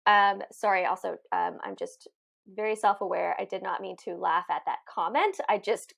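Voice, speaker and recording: A woman's voice: medium pitch, very animated, moderate pace, gravelly, a bit bright. A woman co-hosting a podcast as a medium, chatting casually in a friendly, rambling way. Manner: chatty, many fillers and restarts, laughs often. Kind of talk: casual chat.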